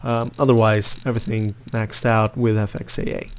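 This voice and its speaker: A man's voice: lowish voice, flat delivery, normal speed, a little hiss or hum. A man giving casual, rambling commentary over gameplay as a hardware reviewer, full of fillers and repeated words.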